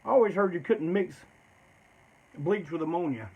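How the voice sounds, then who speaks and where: A man's voice: high-pitched, lively intonation, normal speed, husky, lo-fi sound. A man telling stories in a loose, rambling, profane way, often tacking "man" onto his sentences. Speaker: storyteller. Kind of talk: casual storytelling.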